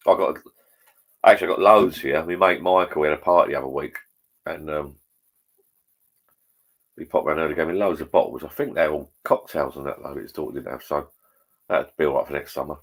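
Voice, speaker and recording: Man, very low voice, casual matey rambling chat, hosting a live stream from home. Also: fairly quick, pauses often. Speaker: livestream host. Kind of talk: casual chat with viewers while drinking. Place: at home, indoors.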